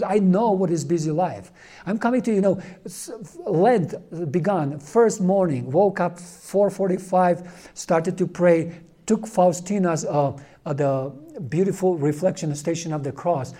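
Earnest man with a mellow voice. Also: high voice. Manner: earnest, halting, with many fillers and restarts. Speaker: lay Catholic speaker. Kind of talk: informal religious talk.

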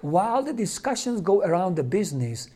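A man, a Catholic priest, telling a story in a sermon, halting and repeating words, with non-native English grammar. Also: high voice, very animated, mellow.

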